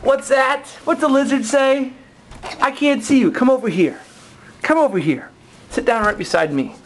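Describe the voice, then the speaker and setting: A woman's voice: sits high, moderate pace, a little hiss or hum. A woman in a home video, coaxing her toddler with sing-song baby talk, at home. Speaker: parent filming her toddler.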